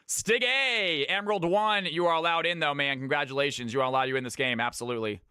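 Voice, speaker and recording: A man from California hosting his stream's viewer games, chatting casually with his viewers, brisk and swearing freely. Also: on the high side, sharp tone, smooth, no echo, studio quality. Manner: brisk, swears, talks to chat. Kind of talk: casual live-stream chat.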